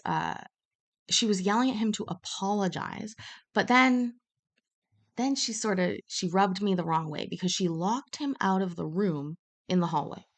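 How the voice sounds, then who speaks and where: A woman live streaming from a hotel room, telling stories in a blunt, profane, casual chat. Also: medium pitch.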